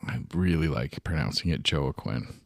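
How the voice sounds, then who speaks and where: A man co-hosting a podcast in casual chat, sarcastic and animated, swearing for emphasis. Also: sits low, a little fast, no echo, clean studio sound. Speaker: podcast co-host.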